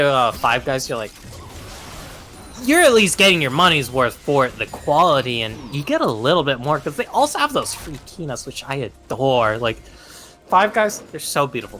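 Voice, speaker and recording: A man's voice: a little high, sharp tone. A young American man doing esports color commentary, chatty and enthusiastic with lots of fillers. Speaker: esports caster. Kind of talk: color commentary and casual chat.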